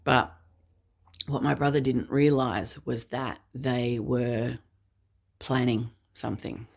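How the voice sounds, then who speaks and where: Aussie lady in her 50s telling her story, earnest and measured, bit of fry in the voice. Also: a bass voice, fairly even intonation. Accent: Australian. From England. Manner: earnest, measured, dropping quiet at grave moments. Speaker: speaker. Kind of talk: personal storytelling.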